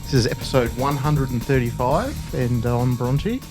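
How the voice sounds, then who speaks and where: Wry male podcast host, lively pitch. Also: normal speed, over music. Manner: wry, teasing, laughs at own jokes. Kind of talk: casual podcast banter.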